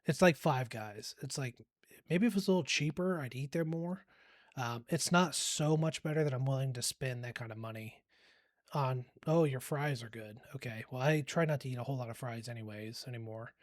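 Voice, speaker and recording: A man's voice: medium pitch, fairly quick, dry recording, studio quality. A man around forty co-hosting a podcast, rambling easily in casual chat and laughing often. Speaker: podcast co-host.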